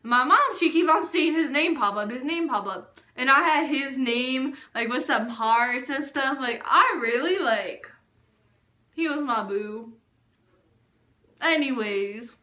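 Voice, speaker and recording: A young woman casually telling a storytime vlog, animated and full of filler words. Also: high voice, slow pace, echoey room. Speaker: vlogger.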